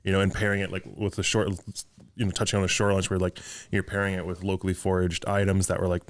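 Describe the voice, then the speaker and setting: This is a man with a very low, flat voice who speaks quickly. He rambles through his thoughts in a relaxed podcast chat, scattering "like" through every sentence. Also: a little hiss or hum. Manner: rapid and rambling, full of likes. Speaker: podcast co-host. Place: living room of a home.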